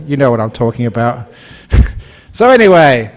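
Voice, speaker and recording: Speaking at a moderate pace with a medium-pitched voice, a British man in his sixties delivers a dharma talk as a Buddhist monk. He tells stories with animation, performs the characters' voices, and laughs at his own jokes.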